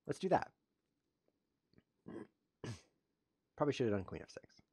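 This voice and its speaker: Commentating live over his own online chess game, a man with a medium-pitched, slightly rough voice speaks a little slowly. His humor is deadpan and self-mocking, interrupted by yelps when he blunders. The sound is clean studio audio, no echo.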